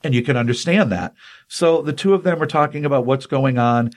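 A man's voice: mid-range voice, fairly quick. Rambling man retelling a comic. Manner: rambling, many ums and restarts, acts out dialogue. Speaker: comic book podcast co-host. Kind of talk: casual chat, retelling a comic issue.

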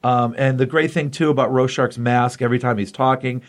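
A man hosting a casual comic book chat, excitedly retelling a story in a loose, rambling way. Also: mid-range voice, fairly quick. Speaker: comic book podcast host.

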